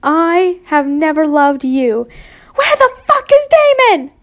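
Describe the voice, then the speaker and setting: A woman's voice: sits high, fairly even intonation, takes it slowly. A woman voicing an angry young man under a love potion, growling and swearing in outbursts. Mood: hostile.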